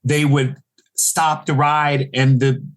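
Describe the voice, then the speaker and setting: A comedian in his forties from Chicago, telling stories in a casual interview and acting out the people he quotes with big jumps in pitch. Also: level tone, takes it slowly. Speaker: guest comedian.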